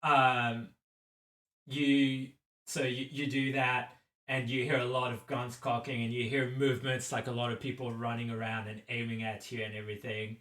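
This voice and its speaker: Male game master, slow halting narration, echoey room, distant mic. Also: medium pitch, level tone, fairly bright tone. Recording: roomy echo, a bit off-mic.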